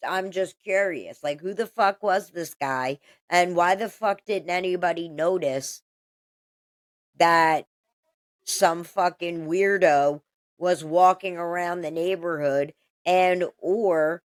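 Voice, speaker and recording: A woman rants to her viewers at an unhurried, drawn-out pace, her voice sitting a little low. She is indignant and profane, circling back through restarts. The sound is dry and close, with no room around it. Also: no echo. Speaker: commentator. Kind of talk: casual commentary vlog.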